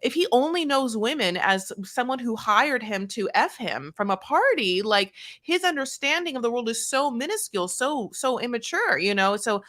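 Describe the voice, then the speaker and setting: A woman's voice: on the high side, sing-song, normal speed, few pauses, a bit bright. A woman co-hosting a casual podcast chat, thinking aloud with restarts and fillers before landing on firm opinions. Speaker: podcast co-host.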